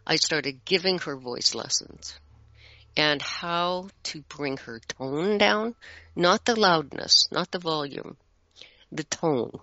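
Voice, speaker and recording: A middle-aged guest chatting in a bright, forceful voice that carries plenty of spoken examples. The sound is dry and close, with a dull lo-fi quality. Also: medium pitch, no room sound. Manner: animated, explains with spoken examples. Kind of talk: casual conversation. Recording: dull lo-fi audio.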